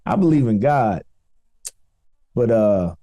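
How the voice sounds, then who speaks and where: A man's voice: lowish voice, expressive, takes it slowly, warm tone. A man with a Chicago accent co-hosting a casual comedy podcast, telling stories in a laid-back, rambling way. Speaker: podcast co-host.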